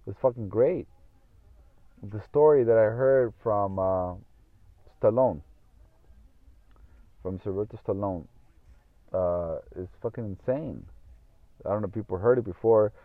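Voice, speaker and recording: Man, casual storytelling, repetitive and profane, very low voice, dry, phone-quality sound. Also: a little slow, pauses often, no echo. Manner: rambling, repeats himself, swears often. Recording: tinny phone-like audio.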